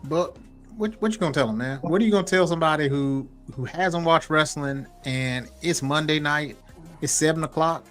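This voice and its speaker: A man co-hosting a podcast, talking in a casual, animated and emphatic way. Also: a little high, normal speed, faint music behind. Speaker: podcast co-host. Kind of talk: casual chat.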